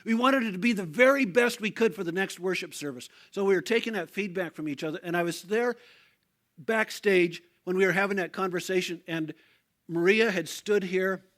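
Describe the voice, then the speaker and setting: A man's voice: high-pitched, moderate pace, a bit bright. An older man, a pastor, preaching a sermon as a conversational story, with frequent fillers and restarts.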